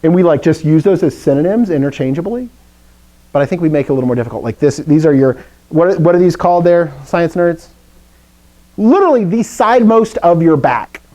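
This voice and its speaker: A man's voice: a little high, expressive, brisk, warm tone, poor audio. A man from the American South teaching a Greek class, chatty and playful, with lots of asides. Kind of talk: classroom lecture.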